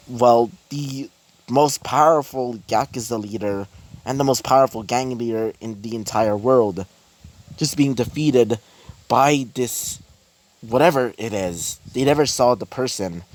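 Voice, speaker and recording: Slow, halting male storyteller. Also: medium pitch. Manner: halting, many fillers and restarts. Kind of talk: improvised fan-fiction narration.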